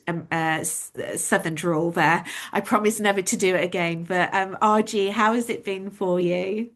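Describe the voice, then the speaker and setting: A woman's voice: mid-range voice, fairly bright tone. Effusive woman hosting an awards event. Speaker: host.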